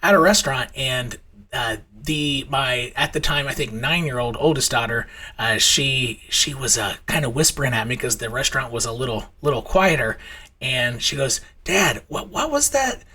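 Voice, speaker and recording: A man in his thirties who hosts a trading channel tells stories, then talks through charts in a rambling way full of fillers and restarts, acting out his kids' voices in high squeals. His voice has a sharp tone at a moderate pace and sounds slightly rough.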